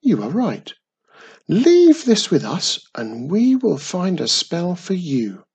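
A man voicing a warm, mysterious witch mother who speaks in a lively, reassuring way. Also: high-pitched, slow, slightly rough, pitched above the performer's own voice, full character voice.

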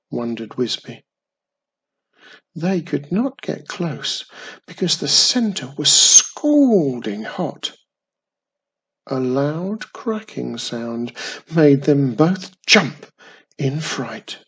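A storyteller reading a children's fantasy tale aloud in a measured way. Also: medium pitch, big pitch swings, a bit bright, breathy edge.

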